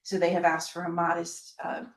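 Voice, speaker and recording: A slightly hoarse woman, a school district official, presenting a budget in measured, explanatory speech with frequent ums. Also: lowish voice, completely flat delivery. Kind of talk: budget presentation at a public meeting. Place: school board meeting room. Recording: roomy meeting room, from a distance.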